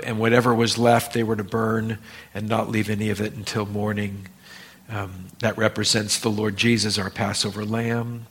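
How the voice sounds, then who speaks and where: A man leading a Bible study at an ordinary middle pitch. He explains each point in a relaxed, conversational way, with fillers and asides to his listeners. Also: slightly rough. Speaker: Bible teacher.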